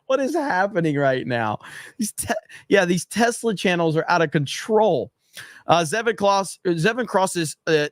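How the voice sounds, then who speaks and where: Fairly high-voiced guy streaming, swears a lot, reads chat out, dry sound. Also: measured pace, dry recording. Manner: animated, profane, blunt. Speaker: livestream host. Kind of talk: casual livestream chat, reading viewer comments.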